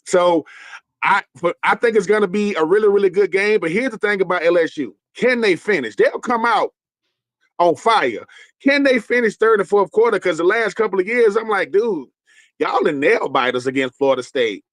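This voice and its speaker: A man in a casual sports debate, talking in a colloquial, emphatic way with quick asides. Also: sits high, a bit bright, no echo. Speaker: panelist.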